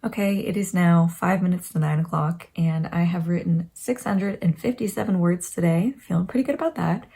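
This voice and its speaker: A woman's voice: on the low side, moderate pace, vocal fry, hardly any pauses, warm tone, breathy edge. A young woman vlogging about her writing day, chatty and self-mocking, sometimes dropping into a whisper. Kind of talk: casual writing vlog.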